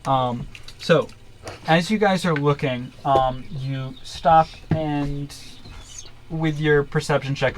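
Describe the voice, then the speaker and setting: A man narrating as game master, pausing often with fillers. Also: mid-range voice. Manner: halting, filler-heavy narration. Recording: noisy room.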